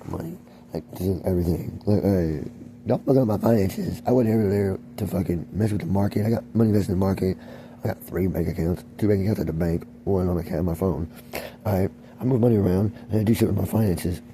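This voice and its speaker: Agitated man, fast profane rant, lowish voice. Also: mellow, a little hiss or hum. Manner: rambling, heavily profane, agitated. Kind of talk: venting rant to camera.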